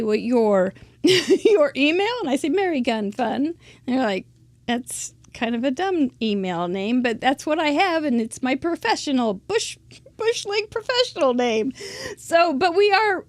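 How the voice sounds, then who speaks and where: Chatty high-voiced woman host. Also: no echo. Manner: chatty, self-deprecating, rambling with restarts and laughs. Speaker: host of a live crafting show. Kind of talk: casual live-stream chat.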